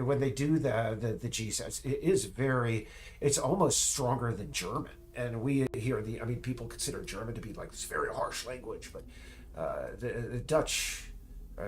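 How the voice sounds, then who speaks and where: A man's voice: mid-range voice, a little hiss or hum. A middle-aged man chatting while he works on a game, drifting into tangents and restarting his sentences. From United States. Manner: rambling, tangents, frequent restarts and stammers. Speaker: indie game developer streaming. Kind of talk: casual rambling chat while working.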